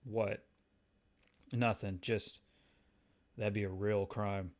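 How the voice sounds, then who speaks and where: A man voicing a grim, gruff middle-aged vigilante in a low, flat, menacing tone. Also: slow pace.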